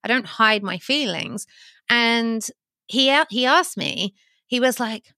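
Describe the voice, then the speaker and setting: A woman in her thirties in a casual podcast chat, expressive and animated, often affirming the other speaker. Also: on the high side, slow, gravelly, no echo, clean studio sound.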